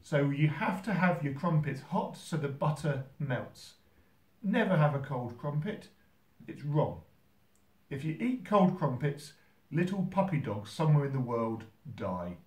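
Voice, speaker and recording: A man hosting a how-to video from a holiday home kitchen, talking in a dry, mock-serious, gently teasing way. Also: on the high side, expressive, unhurried, roomy sound, recorded from a distance. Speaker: host. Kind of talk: deadpan comic how-to video.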